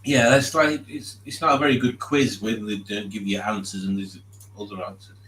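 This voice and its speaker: A man's voice: lowish voice, fairly even intonation, moderate pace, fairly bright tone, a little hiss or hum. A man hosting a live stream, reading chat aloud in a chatty, jokey way and laughing often. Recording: roomy echo.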